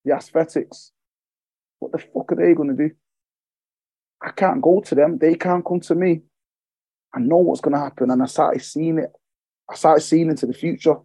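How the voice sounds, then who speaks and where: A man's voice: on the high side, mellow, no echo, low-quality recording. A man, a fitness coach, telling candid stories as a podcast guest, swearing freely and repeating phrases for emphasis. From England. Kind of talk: emotional podcast storytelling.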